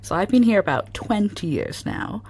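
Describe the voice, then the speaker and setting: A woman with an American accent co-hosts a podcast in casual chat. Her pitch moves a lot, and she fills her talk with "like". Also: moderate pace, breathy edge. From New York, raised in England. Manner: lively, uses "like" a lot. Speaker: podcast co-host.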